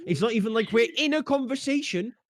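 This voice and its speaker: A man's voice: extremely high pitch, fast. A man co-hosting a casual chat, teasing and exasperated, with plenty of swearing. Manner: exasperated, sweary, lively ribbing.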